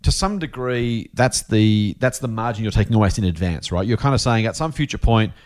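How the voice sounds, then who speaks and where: A man's voice: lowish voice, animated, a little fast. A middle-aged Australian man co-hosting an investing podcast, chatty and enthusiastic as he reads listener questions. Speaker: podcast co-host. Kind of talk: casual investing podcast chat.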